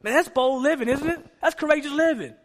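A man's voice: very high-pitched, quick pace. A man preaching a sermon in a church, emphatic, asking the congregation rhetorical questions. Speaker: pastor. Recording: long hall reverb.

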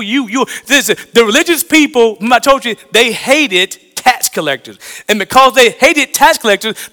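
A man from the American South preaching a sermon, swinging between loud emphatic lines and hushed low ones. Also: in a large hall.

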